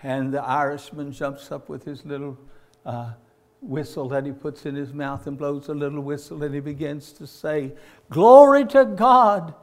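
A man's voice: on the high side, level tone, normal speed, darkish tone. Impassioned male preacher with swelling peaks. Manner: addresses listeners as "my friend". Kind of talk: sermon.

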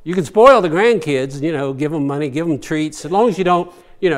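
This older man's voice is fairly high pitched and fairly quick. A pastor, he gives a folksy, conversational sermon, posing rhetorical questions and chuckling as he goes.

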